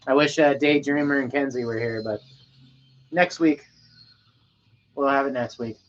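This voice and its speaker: A man from Colorado chats loosely to his viewers at the end of a late-night livestream. His talk rambles and sinks to a low mumble, and the sound is dull and lo-fi. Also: moderate pace, slight background noise. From Colorado, USA. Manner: laid-back, rambling, drops to a mumble. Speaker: livestream host.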